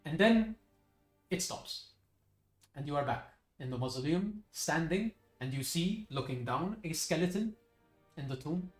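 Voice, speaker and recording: A man's voice: a little high, expressive, measured pace. Casual male game master narrating, roomy echo, light music behind. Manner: casual, with fillers and self-corrections. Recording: echoey room, faint music.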